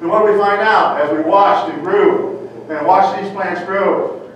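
An older farmer tells stories to a crowd in a folksy, rambling way. His voice sits a little high for a man and is picked up from well back in a big echoing hall. The sound is dull, and a layer of room noise runs under it. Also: measured pace, a bit bright. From Ohio. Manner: folksy storyteller, sprinkles in "you know". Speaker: farmer giving a talk. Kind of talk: folksy conference talk. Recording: echoey hall, distant mic, dull and noisy.

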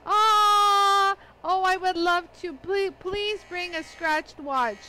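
A woman's voice: extremely high pitch, takes it slowly, a bit bright, slight background noise, low-quality recording. A woman hosting a live product demonstration, chatty and laughing often as she greets viewers by name. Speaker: livestream demo host.

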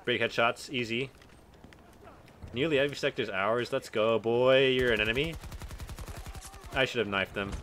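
A young man from Texas giving live commentary on a shooter game, excitable, swearing and yelling at enemies. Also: mid-range voice, moderate pace, long pauses, slight background noise. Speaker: gaming streamer.

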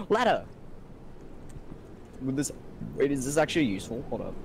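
A man's voice: mid-range voice, big pitch swings, normal speed, creaky. A young man playing a game with friends, teasing and joking in casual chat, often restarting his words. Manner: playful, teasing, stammering restarts. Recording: faint background noise.

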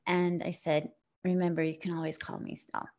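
A woman's voice: fairly low pitch, little pitch movement, moderate pace. A middle-aged woman hosts an uplifting talk show. She encourages her listeners and affirms them with every phrase. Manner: affirming and encouraging, warm-hearted sign-offs. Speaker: podcast host. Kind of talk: upbeat inspirational chat.

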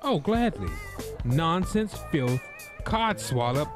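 A man's voice: fairly high pitch, sing-song, slow, music in the background, voice pushed up. A man voicing a grumpy, scornful older male café customer who talks in a sneering, haughty way.

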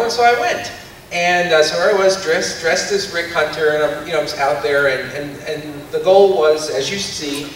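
A man on a convention panel, telling lively anecdotes with laughs, heard from far off in an echoey hall. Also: a little high, slight background noise. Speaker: voice actor panelist.

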